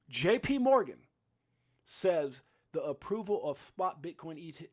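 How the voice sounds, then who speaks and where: A man hosting a casual crypto livestream, talking in an animated, rambling way full of restarts and fillers. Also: fairly high pitch. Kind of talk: casual live-stream chat. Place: home studio in Las Vegas.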